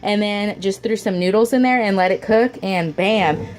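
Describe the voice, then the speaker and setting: A woman's voice: medium pitch, normal speed, a little mellow, slight background noise. A woman and mother of four chatting casually to her camera at home, rambling, with lots of fillers and restarts, and the odd "y'all". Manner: homey, says "y'all". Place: at home, indoors.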